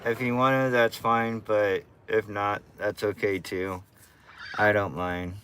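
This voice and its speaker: Brief: relaxed male streamer, easygoing slangy chat, slow delivery, bright tone. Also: fairly low pitch, a little hiss or hum. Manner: laid-back, chatty, slang-heavy. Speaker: live streamer. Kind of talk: casual live-stream chat.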